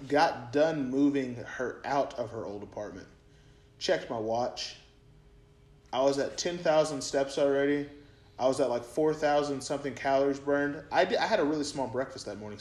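A man's voice: medium pitch, darkish tone. A young man co-hosting a podcast, telling a story in casual chat and rambling with many fillers and repeats. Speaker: podcast co-host. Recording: roomy echo.

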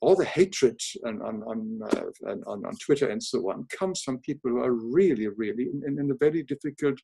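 An older man with a German accent, speaking as an interview guest, gentle and earnest, pausing and restarting often on a video call. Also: mid-range voice, expressive, gravelly, breathy edge. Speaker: guest, author and illustrator. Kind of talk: reflective interview conversation.

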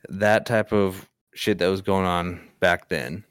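A man's voice: deep voice, steady tone, slow, fairly bright tone, smooth. A young man co-hosting a podcast, talking in a laid-back, rambling way and adding wry jokes. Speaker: podcast co-host. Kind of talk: casual chat.

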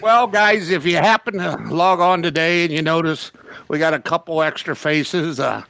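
High, bright-voiced teasing man. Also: moderate pace, vocal fry, no room sound. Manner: teasing, playful. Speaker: podcast co-host. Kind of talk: casual podcast banter.

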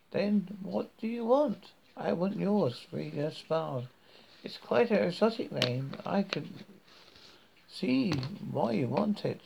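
A British man reading a horror story aloud in a slow, measured way, with occasional slips and restarts. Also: a little high, gravelly, darkish tone.

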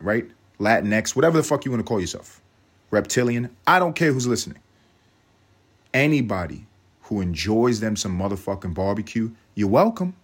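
A man holds forth on his podcast in a low voice, swearing freely as he rambles. His comic monologue is brash and mock-grandiose, full of loud declarations to his listeners. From Harlem, New York. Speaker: podcast host. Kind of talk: comedic monologue.

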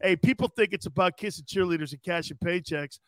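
A high, bright-voiced man hosts a sports show with energetic hype. His voice sits dry and close on the mic. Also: fairly quick, dry recording. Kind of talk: casual chat, show sign-off.

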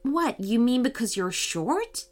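A woman playing an earnest, gentle schoolboy. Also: on the high side, very animated, takes it slowly, soft background music, exaggerated voice. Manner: earnest and honest. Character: tall kind young schoolboy.

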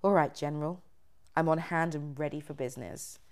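A woman reading out the lines of a taunting witch spirit, in a low voice close to her own. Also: brisk, close to an everyday voice.

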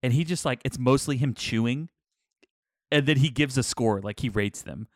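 A man's voice: mid-range voice, moderate pace, no echo. Chatty man, dry close sound. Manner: rambling, animated storyteller. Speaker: podcast co-host. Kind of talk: casual chat.

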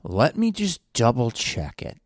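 A man's voice: mid-range voice, huge pitch swings, a little slow, dry recording, clean studio sound. A man hosting a solo podcast from a hotel room, telling a rambling story with lots of swearing and sighing. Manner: profane, sighing, digressive. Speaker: podcast host.

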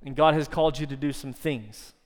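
A man giving a sermon as pastor. He stretches key words for emphasis and sometimes drops to soft, intimate tones. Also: medium pitch, steady tone, fairly quick. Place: church sanctuary. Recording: long church reverb.

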